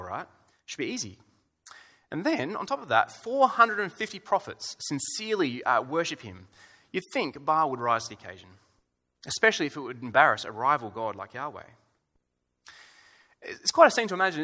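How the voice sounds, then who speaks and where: A man with a fairly high, sharp-toned voice preaches to roughly a hundred people in a church hall. His sermon is wry and conversational, packed with fillers and rhetorical questions.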